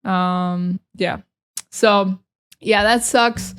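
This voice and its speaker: A young American woman hosting a casual solo podcast, sarcastic and expressive, slipping into dramatic mock rants. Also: medium pitch, extremely slow, clear, resonant tone. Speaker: podcast host.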